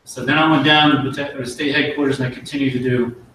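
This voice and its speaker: A middle-aged man, an army officer, giving an earnest promotion speech and telling a folksy story with pauses and restarts. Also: mid-range voice, little pitch movement, sharp tone, distant mic, a little hiss or hum. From United States. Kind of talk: ceremony speech with war story. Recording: very echoey hall, voice from afar.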